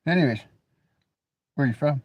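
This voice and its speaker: A man's voice: on the high side, moderate pace, no echo, lo-fi sound. A man with an American accent hosting a livestream, teasing and crude in casual banter. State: coughing. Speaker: livestream host.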